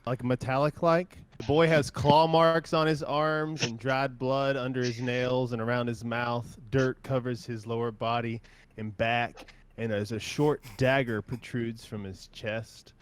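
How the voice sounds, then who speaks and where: A man running a tabletop game as game master. He narrates in a laid-back way, padded with hedging fillers, at an average pitch. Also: fairly even intonation, measured pace, clear, resonant tone.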